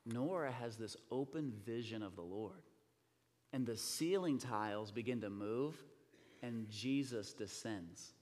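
A man in his thirties preaching a sermon, telling a story with acted-out voices and swinging from loud bursts to near whispers. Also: mid-range voice, lively intonation, a little slow. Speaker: pastor. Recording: long reverb of a large hall.

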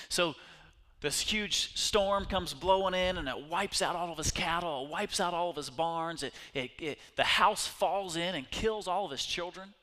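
A middle-aged male pastor with a mid-range voice preaches a little slowly, animated and conversational as he addresses his congregation directly.

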